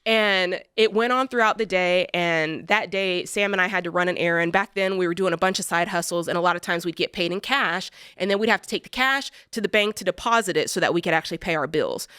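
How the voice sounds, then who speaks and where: A woman co-hosting a money advice show, telling a personal story in an animated, emphatic way and repeating phrases for effect. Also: lowish voice, fairly quick, hardly any pauses, clean tone, dry recording, clean studio sound. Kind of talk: personal storytelling in studio conversation. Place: radio studio.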